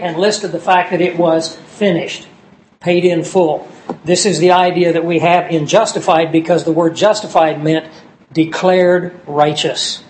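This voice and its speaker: A man preaching a sermon, slowing down to stress key words as he lists scripture passages. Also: high voice, a little hiss or hum, poor audio. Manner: slow and emphatic on key words, citing scripture verses.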